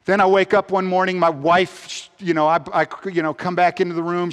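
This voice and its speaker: A man giving an earnest personal testimony, swinging between upbeat energy and hushed, heavy reflection. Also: high-pitched, little pitch movement, fairly quick, few pauses, clear, resonant tone. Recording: long hall reverb.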